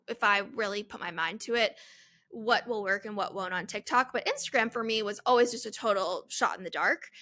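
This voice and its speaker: A woman's voice: on the high side, sharp tone. A woman in her twenties hosting a solo Q&A podcast, talking in a chatty, rambling way and laughing at herself. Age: 20s. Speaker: podcast host. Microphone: headphones, studio-style mic.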